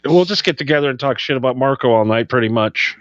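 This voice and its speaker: A man's voice: mid-range voice, lively intonation, fast, no echo. A man co-hosting a casual podcast, rambling in a laid-back, loose and profane way. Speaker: podcast co-host. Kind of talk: casual stoner podcast chat. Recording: slightly dull lo-fi sound.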